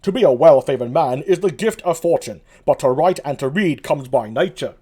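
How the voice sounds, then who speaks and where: A man's voice: fairly high pitch, animated, normal speed, husky. A man putting on a pompous British constable. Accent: put-on British. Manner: loud, well-spoken, pompous. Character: pompous bumbling male constable, loud and self-important.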